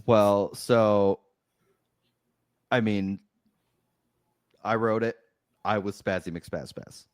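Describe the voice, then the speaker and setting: This low-voiced man co-hosts a relaxed film podcast, telling stories with plenty of laughs. His voice is close and dry, with no room sound at all. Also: very slow, pauses often, clean tone, no room sound. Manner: animated storyteller, laughs often. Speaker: podcast co-host. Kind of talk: casual movie review chat.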